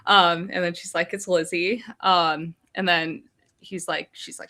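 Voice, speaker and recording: A woman's voice: on the low side, moderate pace. A woman co-hosting a live book discussion over a video call, retelling scenes and reading passages aloud. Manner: reads book passages aloud in a flat retelling, lively reactions. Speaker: podcast co-host.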